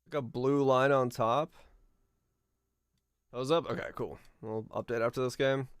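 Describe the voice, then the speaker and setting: A man's voice: medium pitch, fairly even intonation, measured pace, clear, resonant tone, no echo, clean studio sound. Laid-back male streamer musing aloud. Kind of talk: casual live-stream chat while playing a geography game.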